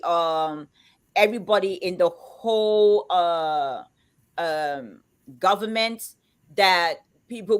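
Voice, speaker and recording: Loud, emphatic woman in her fifties. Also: on the low side. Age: 50s. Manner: loud, emphatic, talks as if shouting. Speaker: co-host of a live chat show. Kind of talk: casual chat.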